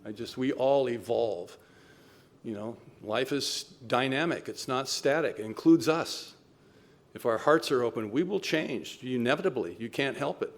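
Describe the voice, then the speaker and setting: A man's voice: mid-range voice, normal speed. A man in his seventies giving a personal talk at a recovery meeting, telling his story in a wry, self-mocking way. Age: 70s.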